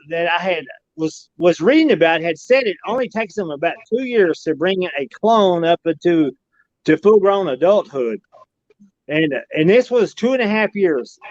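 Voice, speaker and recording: Rambling high-voiced man. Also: no echo, dull audio. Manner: rambling, repeats "she said" often, folksy. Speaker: podcast guest recounting an alien encounter. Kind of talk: casual storytelling.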